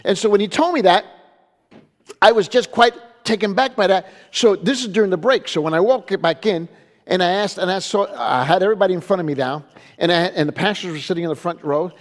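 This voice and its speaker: A pastor with a high-pitched voice speaks fairly quickly in an emphatic teaching lecture, repeating phrases and asking "okay?" to drive his points home. The recording carries the long reverb of a hall.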